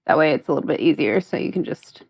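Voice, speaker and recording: A woman's voice: low-pitched, lively intonation, fast talker, creaky, breathy edge, dull audio. A woman co-hosting a stream, chatty and full of hesitant fillers. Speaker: podcast co-host. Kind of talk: casual stream chat.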